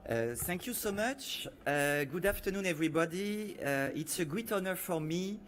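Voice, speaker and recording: A man with a French accent giving a prepared conference presentation as a panelist, measured and dotted with "uh" fillers. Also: high voice, animated, a bit bright, slight background noise. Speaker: panelist from a media regulator.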